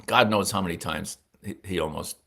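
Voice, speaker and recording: A man's voice: low-pitched, a little fast, vocal fry, sharp tone. A man in his sixties, a veteran sportswriter, telling stories in a casual interview and acting out the voices of people he quotes.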